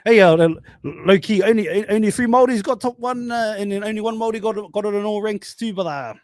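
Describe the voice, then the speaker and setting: A man's voice: sits high, fast talker, dry recording. A young New Zealand man as a podcast guest, joking in slang-heavy banter and laughing often.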